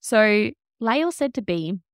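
A woman in her thirties hosting a casual parenting podcast, chatty and animated, acting out the voices she quotes. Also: medium pitch, takes it slowly, no echo, clean studio sound. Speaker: podcast host.

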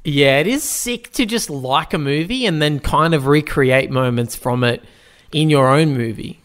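A playful man chats about films, joking and swearing freely. His voice sits a little higher than most men's. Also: measured pace, fairly bright tone. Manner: laughing, playful, profane. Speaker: podcast co-host. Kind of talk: casual chat.

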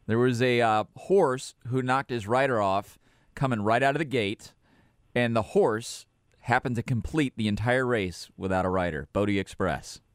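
A man's voice: medium pitch, moderate pace, smooth, dry recording, studio quality. A man hosting a radio show, interviewing a guest in a chatty, easygoing way and laughing often. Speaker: radio host.

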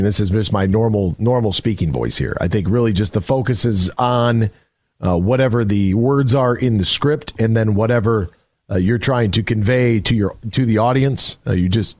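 A man's voice: fairly low pitch, lively intonation, normal speed, darkish tone, no room sound. A man hosting a sports radio show, rambling casually with many fillers. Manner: chatty, rambling, lots of fillers. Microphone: studio microphone.

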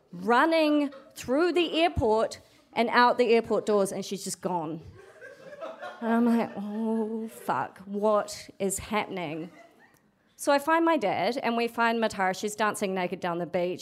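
A young adult woman telling a true story at a storytelling event, frank and sweary, acting out what people said. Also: a little high. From New Zealand. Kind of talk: live storytelling.

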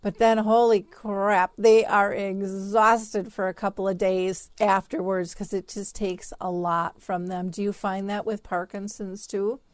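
A woman's voice: mid-range voice, little pitch movement, measured pace, hardly any pauses, dry recording. A woman hosting an interview, asking questions in a casual, conversational way. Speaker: podcast host.

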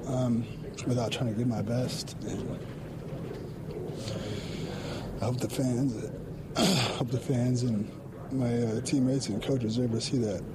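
Emotional young man, halting, noisy room. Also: mid-range voice, fairly even intonation. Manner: halting, emotional, many fillers. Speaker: football player. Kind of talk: locker room interview. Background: loud ambient noise.

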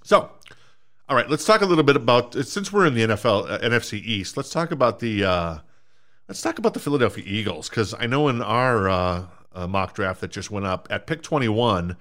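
Man, from minnesota, podcast host, casual rambling, self-deprecating, lowish voice. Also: very animated, brisk, a bit bright. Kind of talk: casual sports podcast chat.

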